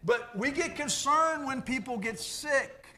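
A man preaching a sermon as pastor, animated and conversational, jumping from loud bursts to hushed asides. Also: extremely high pitch, measured pace.

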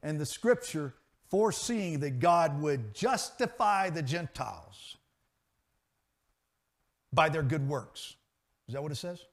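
A man preaching a sermon, swinging between loud emphatic peaks and quiet asides. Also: on the high side, expressive, slow, long pauses. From grew up in a pastor's family.

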